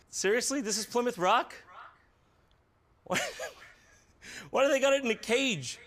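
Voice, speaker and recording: A man delivering sarcastic, swearing comedic narration, with bursts of shouting. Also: very high voice, unhurried, long pauses, slight background noise.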